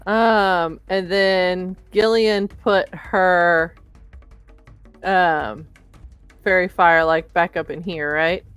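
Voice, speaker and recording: Slow-talking woman player. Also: fairly low pitch, fairly even intonation, a bit bright, smooth, no room sound. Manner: unhurried, swears casually. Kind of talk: casual chat at a game table. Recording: dry mic with faint music.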